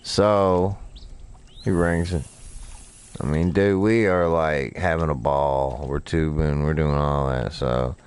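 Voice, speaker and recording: A man's voice: extremely low pitch, fairly even intonation, slow pace, a little mellow, smooth. A man telling a rambling, profane story while he plays a fishing game on stream. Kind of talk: casual storytelling while gaming.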